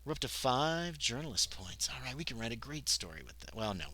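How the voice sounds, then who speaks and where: A man's voice: medium pitch, sing-song, a little fast, pushed and bright, poor audio. A man playing a solo tabletop horror scenario on a livestream, reading the text aloud and breaking off into muttered asides. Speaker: solo tabletop game player and narrator.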